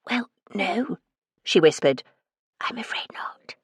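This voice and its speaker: A timid young shop assistant murmurs low and hesitant, as if afraid of being overheard, voiced by a woman reading an audiobook. The recording is dry and close. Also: sing-song, fairly quick, husky, no room sound. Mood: whispering. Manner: hushed, quiet, hesitant.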